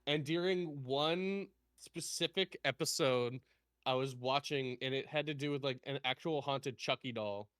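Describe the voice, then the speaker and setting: A man chats on a call in an animated way, laughing often and slipping into put-on voices. His voice is bright and forceful, with smooth, crisp clarity. The sound is dry and close. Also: mid-range voice, a little slow, no room sound. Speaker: guest streamer. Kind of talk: casual chat.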